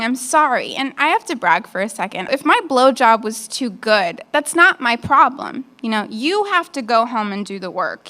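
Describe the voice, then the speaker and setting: Brash woman doing stand-up, lively pitch. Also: a little hiss or hum. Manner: brash, frank, conversational delivery. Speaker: stand-up comedian. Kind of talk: stand-up comedy set. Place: nightclub stage.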